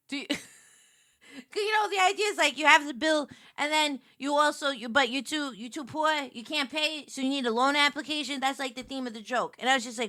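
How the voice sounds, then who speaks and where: A woman streamer chatting casually and joking, swinging between loud squeals and quiet murmurs. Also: high-pitched, fairly quick, dry recording, clean studio sound. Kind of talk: casual live-stream chat.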